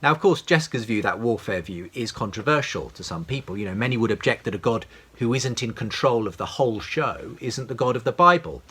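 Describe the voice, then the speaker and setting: Earnest, husky-voiced man. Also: medium pitch, expressive, brisk, pushed and bright. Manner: earnest, reflective, with occasional fillers. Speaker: podcast host and radio presenter. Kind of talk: prepared talk on faith.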